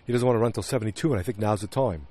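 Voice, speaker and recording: A man putting on the voice of a weary, deflated middle-aged husband, speaking low and haltingly, recorded on a handheld recorder outdoors beside woods. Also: mellow, natural voice. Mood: glum.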